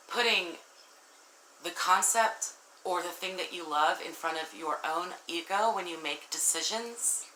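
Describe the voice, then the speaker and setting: A woman reads tarot cards for her audience in a low, bright voice. She talks earnestly and speaks straight to viewers. The room echoes, with a faint hiss behind her. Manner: earnest, warm-hearted, addresses viewers directly, emotional. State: tearful at times. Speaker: tarot reader. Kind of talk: casual tarot reading to viewers.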